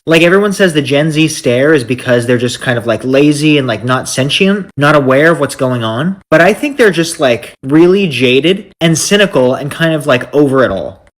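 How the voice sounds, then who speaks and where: A man musing thoughtfully about a younger generation at work. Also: a little high. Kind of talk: casual opinion clip.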